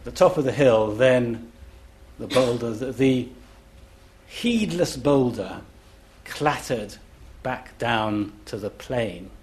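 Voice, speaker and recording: On a festival panel indoors at a live event, a middle-aged classics scholar gives a lecture-style talk. He's enthusiastic, chanting rhythms syllable by syllable to illustrate them, in a medium-pitched, slightly mellow voice.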